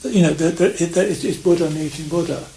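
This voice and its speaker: A man giving an unscripted Dharma talk as a Zen priest, reflective and halting, with many restarts and fillers. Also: fairly high pitch, creaky, mellow. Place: meditation hall of a priory. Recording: echoey room with faint hiss.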